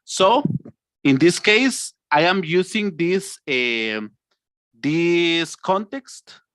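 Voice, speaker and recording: A man, teaching an online English lesson, acting out emotions and stretching words slowly. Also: fairly high pitch, animated, fairly bright tone, no echo.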